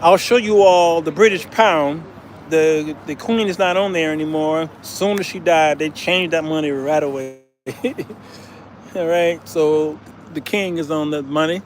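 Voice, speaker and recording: A man's voice: on the high side, a little slow, a little hiss or hum. A man talking casually to his viewers in a travel vlog, chatty and chuckling often. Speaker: vlogger.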